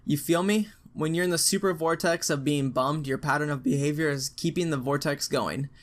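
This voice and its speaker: A man's voice: fairly high pitch, normal speed. A young man reading aloud a blunt, slangy advice post with a casual, emphatic delivery and frequent swearing. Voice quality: frank and profane, with slangy asides. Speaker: narrator reading out an online post.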